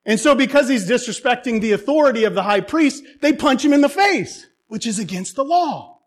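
A man's voice: extremely high pitch, lively intonation, fairly quick. A man preaching a sermon, retelling a Bible story with humor and irony.

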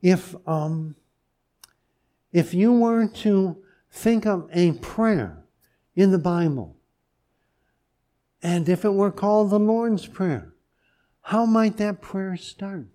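A man preaching a sermon as pastor, speaking gently and deliberately with pauses and restarts. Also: high-pitched, animated.

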